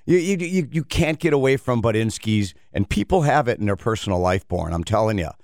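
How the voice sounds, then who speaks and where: A man's voice: on the low side, animated, fairly quick, a little mellow, no room sound, studio quality. A man hosting a talk radio show, rambling and acting out little scenes in casual banter.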